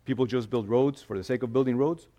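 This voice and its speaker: A man preaching a sermon in a conversational, animated way, acting out quotes as he goes. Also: mid-range voice, fast, lo-fi sound. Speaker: pastor.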